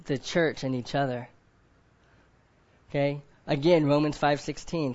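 A man's voice: on the high side, darkish tone, lo-fi sound. A man preaching a sermon to a group of men. He keeps asking them questions, often adds "right?", and acts out other people in quoted voices.

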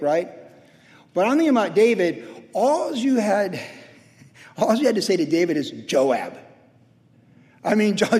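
A man in his sixties preaching a sermon in a conversational way, acting out quotes with sudden shouts. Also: high voice, long reverb tail. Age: 60s. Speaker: pastor.

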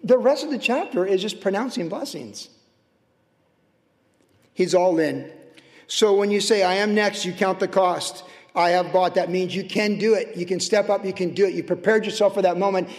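A man preaching a sermon as pastor, swinging between loud, animated highs and hushed, tender lows. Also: normal speed. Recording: long reverb of a large hall.

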